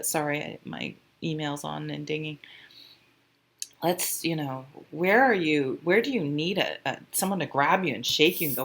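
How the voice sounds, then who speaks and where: Chatty low-voiced woman reading tarot. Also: moderate pace, a bit bright. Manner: chatty, rambling, emotional, with fillers and swearing. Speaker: tarot reader. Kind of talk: casual tarot reading monologue.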